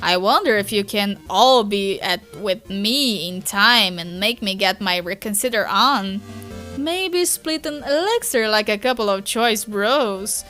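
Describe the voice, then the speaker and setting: A woman voicing a laid-back, unsettling teenage troll boy in a slow drawl while reading a webcomic aloud. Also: mid-range voice, lively intonation, bright, forceful tone, faint music behind.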